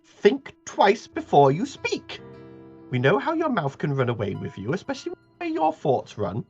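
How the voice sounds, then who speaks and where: A prim, motherly old lady, voiced by a man running a tabletop game, scolds and fusses in a high, lilting falsetto. Her voice swoops up and down with fussy chiding, over a dull lo-fi recording with soft background music. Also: wildly swooping pitch, moderate pace, breathy edge, heavily acted. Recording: dull lo-fi audio, faint music.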